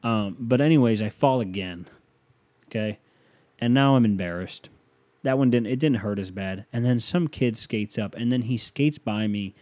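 This is casual comedic storytelling from a male podcast host: self-mocking, meandering, punctuated by abrupt angry outbursts. The voice is lowish and dark at normal speed, with no room sound, and a fan runs in the bedroom where he records.

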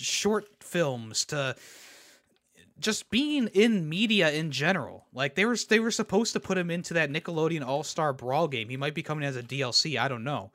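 A young man on a podcast, ranting casually with lots of restarts and repeated words. His voice is bright and a touch high. The sound is dry and close, with no room around it. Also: dry recording. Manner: rambling, repeats words, laughs at his own jokes. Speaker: podcast host. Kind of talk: casual opinion rant.

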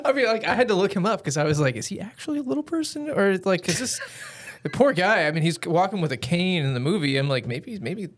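A man's voice: high voice, animated, quick pace. A man co-hosting a casual podcast chat, laughing often and chiming in with short quips. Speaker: podcast co-host.

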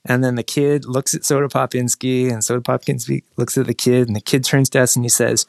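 A man's voice: mid-range voice, level tone, brisk, gravelly, few pauses, a little mellow, no echo. A man tells a story in a loose, meandering way, often stopping and restarting his sentences. His voice sits in a middle range, and the recording is close and dry. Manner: rambling storyteller with many restarts, mimics people in quotes. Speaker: guest telling a travel story. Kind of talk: casual podcast chat.

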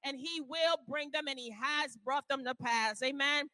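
A woman elder preaching a fervent sermon, reading scripture slowly and calling on listeners to repeat after her, at times rising to a shout. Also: high voice, dry recording, faint music behind. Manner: reads scripture slowly and deliberately. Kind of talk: sermon with call-and-response.

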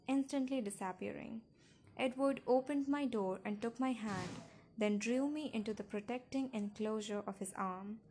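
A woman's voice: fairly high pitch, darkish tone, a little hiss or hum. A woman narrating a first-person novel in an intimate, emotional storytelling manner. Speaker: audiobook narrator.

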